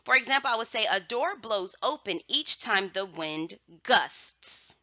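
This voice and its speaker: Bright-voiced woman teacher, lively delivery. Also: medium pitch, dry recording, highs cut off. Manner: slow, emphatic, drawn-out enunciation with sudden loud word calls. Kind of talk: phonics and vocabulary lesson for young children.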